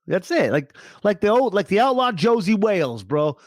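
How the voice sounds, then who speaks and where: A man co-hosting a casual comedy podcast, profane and deadpan, with mock-serious asides. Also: high voice, normal speed, no room sound, clean studio sound. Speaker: podcast co-host.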